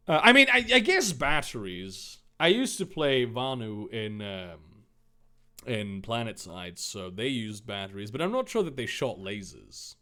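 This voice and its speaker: A man's voice: medium pitch, bright, forceful tone. A man hosting a comedic reading of a fan story, making sardonic, rambling asides between passages.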